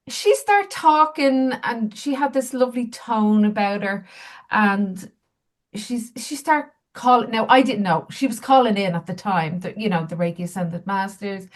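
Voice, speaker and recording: A woman, a healer and medium, telling candid, self-mocking stories as an interview guest. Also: fairly high pitch. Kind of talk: casual interview storytelling.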